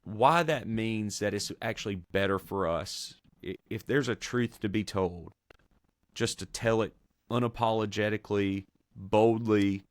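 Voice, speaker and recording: A man, a pastor and podcast host, talking through theology in an earnest, measured way, with many fillers and restarts. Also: on the low side, no echo. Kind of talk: conversational theology discussion.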